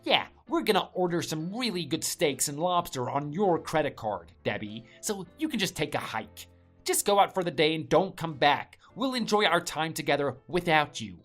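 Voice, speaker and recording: A woman's voice: low voice, big pitch swings, moderate pace, soft background music. A woman voicing an arrogant, contemptuous young husband who sneers and scolds his wife. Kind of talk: story drama voice acting.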